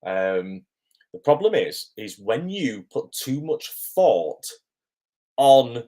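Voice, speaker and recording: A man's voice: mid-range voice, darkish tone. A man, an acting coach answering viewers' questions on a live stream in a friendly, chatty way with frequent ums.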